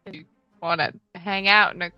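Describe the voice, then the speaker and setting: A woman playing a tabletop game, relaxed and playful. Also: lowish voice, fairly quick, clean tone, no echo, muffled recording, faint music behind. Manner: relaxed and playful, laughing between lines. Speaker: player.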